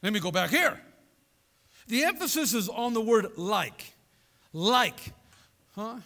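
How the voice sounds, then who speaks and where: A man preaching a sermon as pastor, animated and conversational, throwing asides to his congregation. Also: very high-pitched, normal speed. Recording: long reverb of a large hall.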